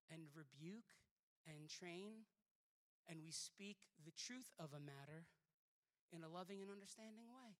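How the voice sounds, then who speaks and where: A preacher delivering a blunt, emphatic sermon that swings between loud declarations and quiet asides. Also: mid-range voice.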